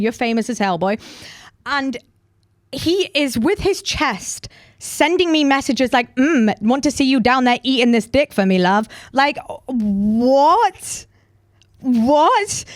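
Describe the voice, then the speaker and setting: Chatty young woman, animated storytelling. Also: fairly high pitch, no echo, studio quality. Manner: chatty, animated, frequent "like" fillers. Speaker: podcast host. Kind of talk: casual storytelling chat.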